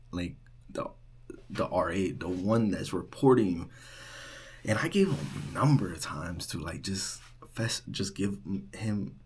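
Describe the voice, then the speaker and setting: A young man working as a resident assistant tells a storytime vlog in a casual, animated way, full of "like" and "right?". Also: fairly low pitch, slight background noise. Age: young adult. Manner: animated retelling, heavy use of "like" and "right?".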